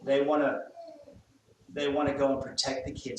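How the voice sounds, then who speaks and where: A man with an Australian accent, working as a dog trainer, coaching an owner and gently giving commands to a timid dog. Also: mid-range voice, little pitch movement, normal speed. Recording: very echoey, from a distance, faint noise.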